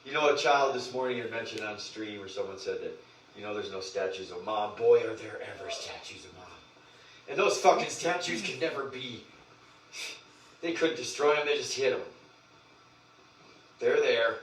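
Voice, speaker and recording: A man preaching on a livestream, cursing freely and swinging from loud proclamations to hushed murmurs. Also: medium pitch, moderate pace, pauses often, echoey room, recorded from a distance, a little hiss or hum, rough recording. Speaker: spiritual group leader.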